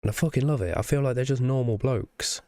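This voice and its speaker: A man's voice: mid-range voice, quick pace, warm tone, no echo. A young man with a nasal, congested voice from the flu, chatting casually and enthusiastically in a rambling reaction. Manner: rambling, swearing, enthusiastic, fond of "you know what I mean?". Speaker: music reaction YouTuber.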